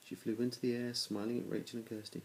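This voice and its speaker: A man's voice: mid-range voice, level tone, fast talker, darkish tone, slight background noise, low-quality recording. A man reading a children's storybook aloud to his children, in a plain reading voice with small restarts. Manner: plain reading with small restarts, little change between characters.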